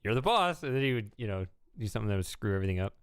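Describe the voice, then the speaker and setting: A man's voice: fairly low pitch, racing, a little mellow, smooth, no room sound, clean studio sound. A man live-streaming a video game, musing aloud in a casual, rambling way.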